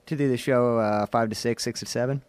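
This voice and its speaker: A man from central Illinois with a high-pitched voice, tired, answering politely and briefly. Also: steady tone, fairly quick, darkish tone, clean tone, no echo. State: tired from an early start. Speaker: board operator.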